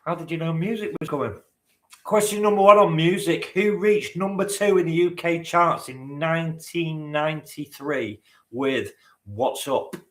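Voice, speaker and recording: This quiz host's voice sits a little high and sounds a bit bright, moving at normal speed. Running his live-stream quiz, he jokes around with the chat, ribbing people and swearing offhandedly, all in a roomy, echoing space.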